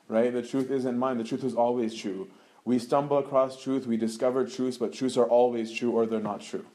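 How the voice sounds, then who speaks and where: A man's voice: mid-range voice, mellow. A young adult man giving a casual talk as a religious teacher, often adding "right?" as he goes. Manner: conversational, keeps adding "right?".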